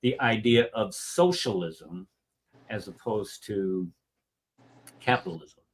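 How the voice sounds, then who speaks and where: A man hosting a casual debate show, arguing in an animated way and acting out quotes. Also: lowish voice, takes it slowly, slightly rough. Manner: argumentative, animated, acts out quotes. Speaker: host.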